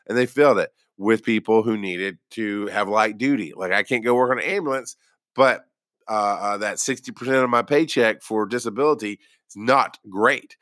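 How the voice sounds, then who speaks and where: Bright-voiced man telling his own story. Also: medium pitch, no room sound, clean studio sound. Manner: rambling and self-deprecating, with many restarts. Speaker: former paramedic. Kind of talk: casual personal storytelling.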